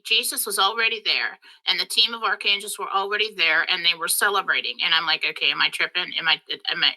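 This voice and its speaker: A woman hosting her spiritual channel, telling a story in a casual monologue, excitable and emotional, rushing along. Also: mid-range voice, poor audio.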